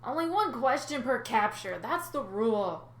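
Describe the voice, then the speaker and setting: A woman voicing a sly old male sea god who sulks and gloats, in slow, drawn-out, theatrical lines. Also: a little high, sing-song, pitched above the performer's own voice. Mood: gloating. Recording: roomy recording.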